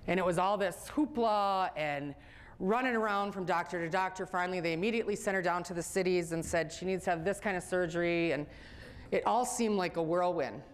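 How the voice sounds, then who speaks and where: A woman's voice: fairly low pitch, brisk. Middle-aged woman telling a personal story. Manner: animated, laughing while telling stories. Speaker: speaker.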